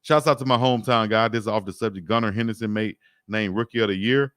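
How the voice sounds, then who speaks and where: A man's voice: on the low side, fast talker, fairly bright tone, no room sound, clean studio sound. Laid-back man chatting sports. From Alabama. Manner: laid-back, joking, chuckles often, repeats himself. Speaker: sports talk host. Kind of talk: casual livestream chat reading comments.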